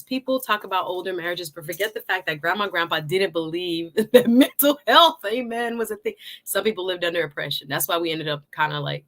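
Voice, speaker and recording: A woman's voice: fairly low pitch, expressive, moderate pace, pushed and bright. A woman hosting a live talk stream, chatting, laughing often and reading out viewer comments.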